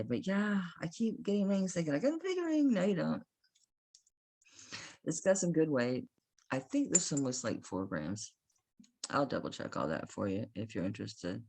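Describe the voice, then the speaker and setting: Southern woman, home jewelry seller; deep voice that swings around, chatty and self-mocking. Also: vocal fry, darkish tone, slightly rough, rough recording. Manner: chatty, impatient, quick to laugh at herself. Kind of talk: casual selling vlog.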